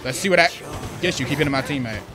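Trash-talking opponents mid-game, a gaming YouTuber keeps up playful commentary in a slightly high voice, talking fast. Video game music runs underneath.

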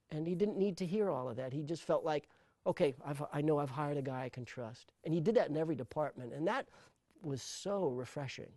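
Middle-aged male sound designer, animated interview storyteller, a bit high-voiced, close and dry. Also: dry recording. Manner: animated storyteller, repeats words when starting thoughts. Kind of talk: interview conversation.

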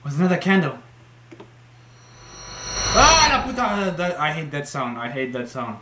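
A young man narrates a horror game let's play for YouTube from his home, talking fast in a medium-pitched voice. He's jumpy and profane, shrieking when scared, and the room is echoey with faint noise.

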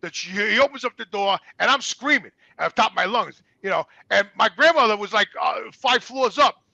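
Gravelly, high-pitched New man. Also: brisk, no echo, highs cut off. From New York. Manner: animated, profane storyteller. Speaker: guest. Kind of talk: casual storytelling.

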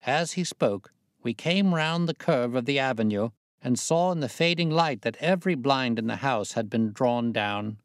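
A man narrating a classic story aloud in a steady, measured reading voice. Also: mid-range voice, no room sound, clean studio sound.

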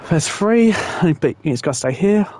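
This is a young man doing let's play commentary. His voice sits a little high and comes through with clear game sounds behind it. He rants, swears and barks orders at the on-screen characters in exasperation. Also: lively intonation, brisk, darkish tone, slight background noise. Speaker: gamer.

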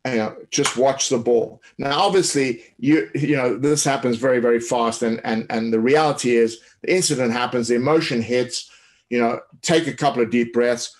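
A man's voice: medium pitch, moderate pace, a little hiss or hum. A man giving a coaching webinar, explaining in a loose way with many fillers and restarts. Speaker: tennis coach. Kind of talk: webinar talk.

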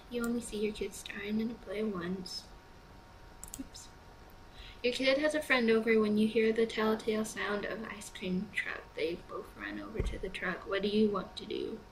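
A woman's voice: fairly high pitch, slight background noise, low-quality recording. A young woman playing a choice-based game, reading the prompts aloud and chatting through her decisions, sleepy and yawning. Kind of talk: let's play commentary.

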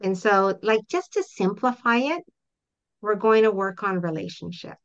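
A woman's voice: mid-range voice, lively intonation, normal speed. A middle-aged woman, a parent coach, giving earnest, explanatory answers in an interview and acting out example talks with a child. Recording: dull lo-fi audio.

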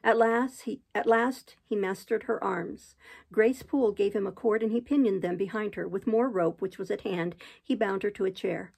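A woman's voice: medium pitch, gravelly, a little mellow, husky. A woman reading a classic novel aloud in an unpolished way, now and then stopping to restart a line. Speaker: audiobook reader.

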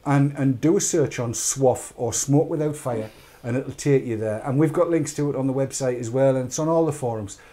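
A man's voice: mid-range voice, a little fast, mellow. A British man hosting a live online chat show, rambling and urging viewers on with jokey asides. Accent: British English.

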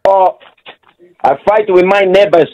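A man voicing a comic Angolan male footballer on a phone-in, giving short, halting broken-English answers. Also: sits high, a little mellow, muffled recording. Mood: deadpan. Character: Angolan male footballer, jailed after a neighbour feud.

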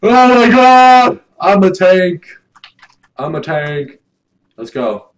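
A young man giving loud, swearing let's play commentary, swinging between shouts and mumbles. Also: high voice, sing-song, slow, poor audio. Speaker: gaming YouTuber.

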